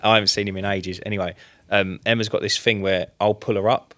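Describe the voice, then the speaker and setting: A man, a podcast co-host telling stories in casual chat, animated and full of slang. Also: fairly low pitch. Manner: fast, animated storyteller with slang.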